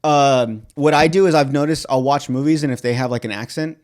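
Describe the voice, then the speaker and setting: A man's voice: medium pitch, a little fast. A man co-hosting a podcast in casual chat, rambling and restarting his thoughts. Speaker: podcast co-host.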